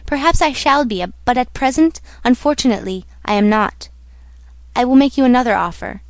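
A woman's voice: a little high, lively intonation, a little fast, no echo, close to an everyday voice. A woman reading a defiant young prisoner. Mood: insistent. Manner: insistent, pleading then threatening. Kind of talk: audiobook reading.

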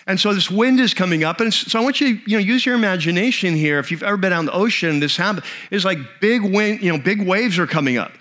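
A man preaching a sermon, telling a story in an animated, conversational way with frequent restarts. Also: high-pitched, quick pace, few pauses. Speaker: pastor.

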